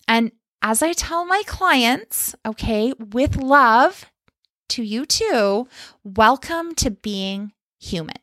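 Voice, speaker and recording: A woman coaching her listeners in a solo podcast, upbeat and direct, often asking "okay?" or "right?" to keep them with her. Her voice sits a little high. The sound is close and dry. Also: animated, measured pace, dry recording. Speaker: life coach. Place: lives in Canada.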